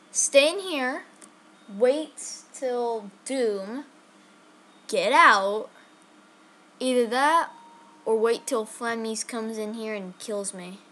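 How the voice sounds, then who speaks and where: A woman giving chatty, excitable live commentary on her own game, talking straight to her viewers. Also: on the high side, drawn-out words, long pauses. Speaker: gaming channel host.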